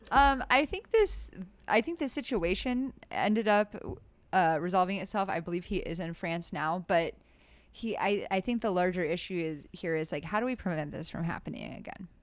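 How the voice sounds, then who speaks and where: A woman's voice: fairly low pitch, expressive, normal speed, no room sound. A woman co-hosting a podcast in casual chat, rambling and self-mocking. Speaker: podcast co-host.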